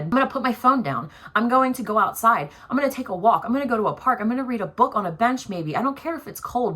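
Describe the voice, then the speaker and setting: A woman's voice: lowish voice, pushed and bright, no echo. A young woman vlogger in casual reflective chat, talking in an earnest, musing way and stretching words out for emphasis. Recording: noisy background.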